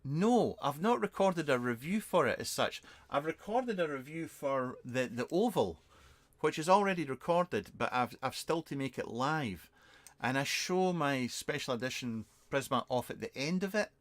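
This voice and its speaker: Middle-aged-plus British bloke, webcam live stream, casual and rambling, sarcastic with self-deprecating asides. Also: male voice, on the high side, lively intonation, moderate pace. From Britain. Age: over 50. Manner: rambling, self-mocking and sarcastic, many fillers. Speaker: vape reviewer and channel host. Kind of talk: casual live-stream chat answering viewer questions. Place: home shed.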